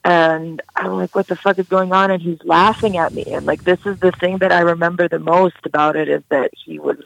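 A woman's voice: lowish voice, steady tone, brisk, gravelly, no room sound, poor audio. A young woman recounting a personal story in an interview, casual and candid with many fillers. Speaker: guest.

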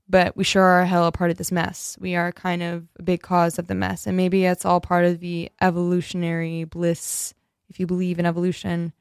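A woman with a lowish, clean-toned voice, recorded dry, hosts a radio show alone in the studio. She rambles and jokes, interrupting herself and often losing her thread in this solo on-air talk.

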